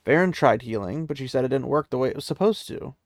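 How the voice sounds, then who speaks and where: A blunt, protective young woman, as a male storyteller puts her on, telling hard news plainly. Her voice has a gravelly texture and a dry, close sound in a casual spoken fantasy retelling. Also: mid-range voice, expressive, fast, no echo, lightly acted.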